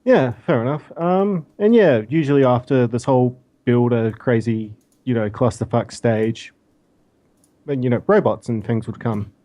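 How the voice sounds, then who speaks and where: A man's voice: mid-range voice, normal speed, dark tone, dry recording, lo-fi sound, faint music behind. A man with an Australian accent chatting in a laid-back, easygoing way as a guest on a game stream. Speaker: guest co-player. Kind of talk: casual chat.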